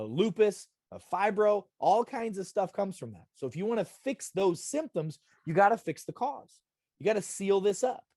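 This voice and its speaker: Sitting high yet a little mellow, this middle-aged man's voice carries a live online wellness talk over a video call. He repeats himself, stresses his points, and addresses viewers with frequent "okay?" check-ins, captured in a dry, studio-quality recording.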